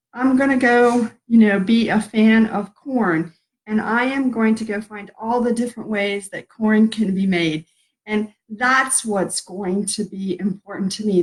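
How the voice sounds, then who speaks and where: A middle-aged woman with a slightly high voice talks casually on a spiritual live stream. She rambles, restarts her sentences and laughs at herself as she goes. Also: low-quality recording.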